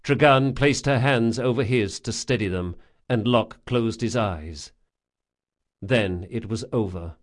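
A man narrating a fantasy novel in a measured, dramatic reading. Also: fairly low pitch. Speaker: audiobook narrator.

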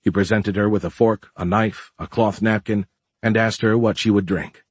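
A man reads an audiobook with a low, husky voice in a steady, even manner. The recording is dry and close, with no room sound. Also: normal speed, no echo. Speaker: narrator. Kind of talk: audiobook narration.

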